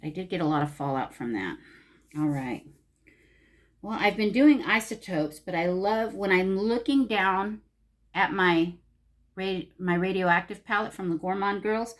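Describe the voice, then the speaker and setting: Gushing woman chatting through makeup. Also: mid-range voice. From Los Angeles, California. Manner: gushing, talks to herself while applying makeup. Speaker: beauty vlogger. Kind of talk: casual makeup tutorial chat.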